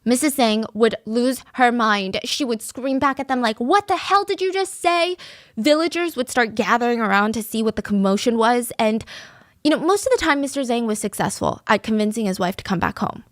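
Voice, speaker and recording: A woman telling a true-crime story to her podcast audience in a chatty, expressive way. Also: fairly high pitch, a little fast, no echo, studio quality. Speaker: storyteller host.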